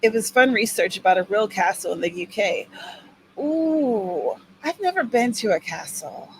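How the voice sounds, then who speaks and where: A woman's voice: mid-range voice, animated, normal speed, a little hiss or hum, poor audio. A woman hosting a writing-sprint livestream in casual chat, upbeat and cheering viewers on by name.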